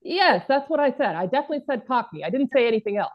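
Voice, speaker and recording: A woman gushes over her scene partner in an online improv game. Her voice is high, and the audio sounds dull and far from the mic. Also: very animated, rapid-fire. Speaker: improv performer. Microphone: video call.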